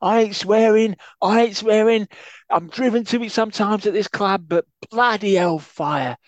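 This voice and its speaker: A man's voice: high voice, normal speed, no echo, highs cut off, voice pushed up, close to an everyday voice. A man putting on the voice of an irate, swearing football club boss.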